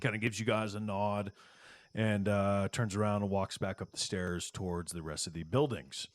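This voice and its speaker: A man running a tabletop game as game master, describing scenes casually with halting fillers. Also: fairly low pitch, little pitch movement, no room sound.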